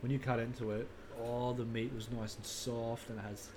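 A man chatting casually on a podcast, relaxed and full of "like" fillers. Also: mid-range voice, normal speed, background noise. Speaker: podcast co-host. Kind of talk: casual chat.

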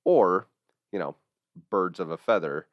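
A man with a Midwestern accent, co-hosting a podcast in casual chat and telling stories with quick voice impressions. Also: deep voice, no room sound, highs cut off. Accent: Midwestern American. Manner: chatty, animated storytelling with voice impressions. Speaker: podcast co-host.

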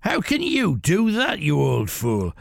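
A man's voice: a little high, huge pitch swings, slow, gravelly, no echo, clean studio sound, heavily acted. A man voicing a tiny, brutal old male pirate who boasts and mocks, in a told storybook tale. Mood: sneering. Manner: boastful, sneering.

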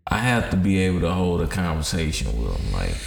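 A man's voice: deep voice, very animated, brisk, gravelly. A man co-hosting a podcast, chatting in a reflective, slangy way and saying "bro" a lot. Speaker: podcast co-host. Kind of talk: casual chat. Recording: echoey room with faint noise.

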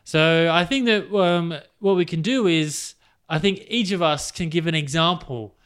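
A man's voice: a little high, fairly bright tone, smooth. An Australian man co-hosting a podcast, chatting casually with restarts and chuckles. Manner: halting, restarts, chuckles often. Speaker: podcast co-host. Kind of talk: casual chat.

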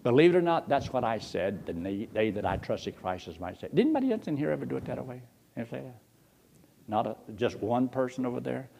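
An older man, preaching a folksy storytelling sermon, his husky voice leaping high when excited and dropping low to quote others. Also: quick pace, a little hiss or hum.

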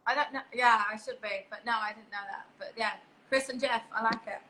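A woman's voice: fairly high pitch, steady tone, brisk, sharp tone, slight background noise, rough recording. A young English woman chatting as a podcast guest, giggly and a little scattered as she jumps between stories. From England. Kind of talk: casual chat.

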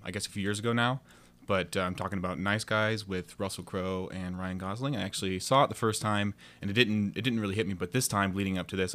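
Bright-voiced, rambling podcast guest. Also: male voice, sits low. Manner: rambling, hesitant, lots of ums. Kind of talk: casual podcast chat.

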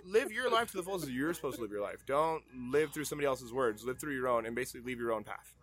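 A man's voice: mid-range voice, expressive, fast talker, fairly bright tone. A man chatting casually as a bartender guest, rambling and laughing often. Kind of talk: casual chat.

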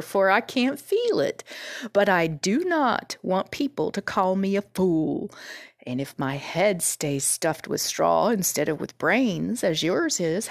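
A woman voicing a friendly male scarecrow stuffed with straw, with a husky, polite and earnest voice, reading a storybook aloud. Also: fairly low pitch, no room sound, clean studio sound, exaggerated voice.

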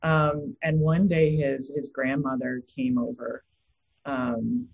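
Empathy trainer in her thirties: very low, husky woman's voice, chatty with fillers; dull recording. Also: level tone, slow. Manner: anecdotal, with filler words. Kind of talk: casual podcast chat.

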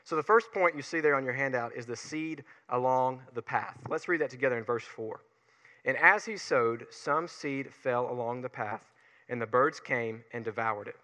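Folksy Southern preacher, bright voice. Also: male voice, mid-range voice, big-room sound. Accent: Southern US, Alabama Gulf Coast. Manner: energetic, fast when fired up, folksy. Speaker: pastor. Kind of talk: sermon.

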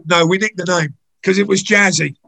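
Gravelly older man telling stories. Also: sits high, steady tone, brisk, sharp tone. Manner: chatty, anecdotal, many "you know"s. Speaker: guest. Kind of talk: conversational storytelling.

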